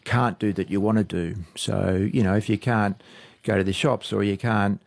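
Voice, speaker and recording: A man giving medical advice as a radio guest, measured and explanatory, repeating words as he goes. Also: fairly low pitch, steady tone, creaky, no room sound.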